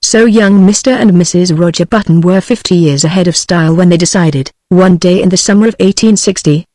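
A woman's voice: lowish voice, dry recording. Brief: British English TTS woman, audiobook narration, dry close sound. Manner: even, synthetic reading. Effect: text-to-speech voice. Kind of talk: scripted narration.

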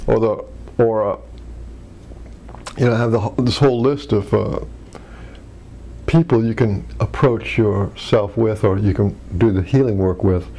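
Male workshop presenter, mellow, rambling delivery with restarts. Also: medium pitch. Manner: rambling, many restarts and fillers. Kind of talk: teaching commentary.

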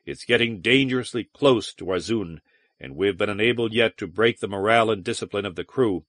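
A grim alien warrior, as a man puts him on, low and curt with a sardonic edge. The voice is dry and close to the mic. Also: fairly quick, a bit bright, no echo, close to an everyday voice.

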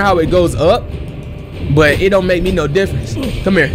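A man hosting a let's play, excitable and slangy, exclaiming at the game as he plays. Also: a little high, a little slow. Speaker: gaming channel host. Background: game music and sound effects.

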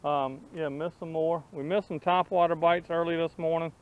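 A man's voice: on the high side, fairly even intonation, normal speed, phone-quality sound. A man hosting a fishing vlog outdoors from a boat on a lake, chatting easily and coaching the boys. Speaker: fishing vlogger and host. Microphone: action camera.

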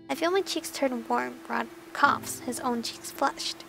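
A woman's voice: high voice, a little slow, gravelly, hardly any pauses, bright, forceful tone, soft background music. A young woman reading a romance visual novel aloud as let's play narration, breaking off for gushing asides.

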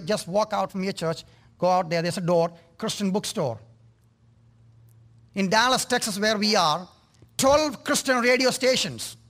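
A man preaching a sermon, moving from quiet storytelling to impassioned, pleading cries. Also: sits high. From India. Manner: impassioned, rising to fervent cries.

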